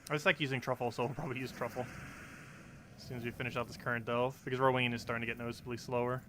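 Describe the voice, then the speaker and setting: Fast-talking bright-voiced young man. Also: medium pitch, flat delivery, a little hiss or hum. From New Jersey. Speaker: streamer. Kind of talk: casual live-stream commentary.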